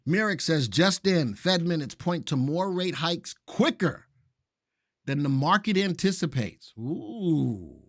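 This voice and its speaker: Animated male live-stream host. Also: fairly high pitch, slow, no room sound, clean studio sound. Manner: animated, reads viewer comments aloud. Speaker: market show co-host. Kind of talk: casual live-stream chat.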